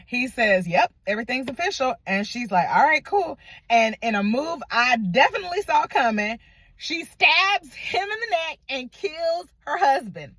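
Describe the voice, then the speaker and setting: A woman giving a casual, chatty movie recap, acting out lines in quick voices and laughing often. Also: fairly high pitch, a bit bright, dry recording. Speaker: movie reviewer.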